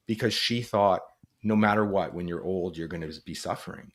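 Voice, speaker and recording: A man's voice: deep voice, steady tone, fairly quick. A man speaking as an interview guest, earnest and reflective, often using "like" as a filler. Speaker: guest, former police officer and author. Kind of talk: conversational interview.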